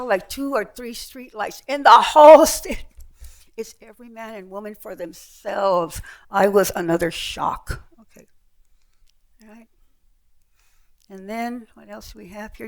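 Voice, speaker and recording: An older woman giving an author's talk, telling travel stories with slides and acting out the people she met. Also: fairly high pitch. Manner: lively storyteller, acts out voices. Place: heritage center event room with audience.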